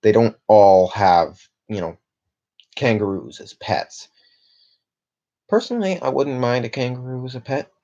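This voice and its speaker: A man's voice: mid-range voice, measured pace, pauses often, mellow, highs cut off. A young man from Canada chatting casually on a livestream, rambling and reading viewer comments aloud with lots of fillers. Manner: rambling, reads chat aloud, filler-heavy.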